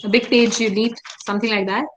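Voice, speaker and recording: A woman's voice: a little high, steady tone, fast talker, fairly bright tone, a little hiss or hum, low-quality recording. A woman with an Indian English accent leading an interactive online workshop, often asking her listeners questions and prompting them to answer. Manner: engaging, asks the audience frequent questions. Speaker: workshop speaker. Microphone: video call.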